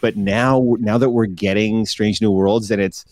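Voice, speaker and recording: A man co-hosting a casual podcast, talking as an excitable, gushing fan. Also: on the low side, unhurried, dry recording. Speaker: podcast co-host. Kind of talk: casual chat.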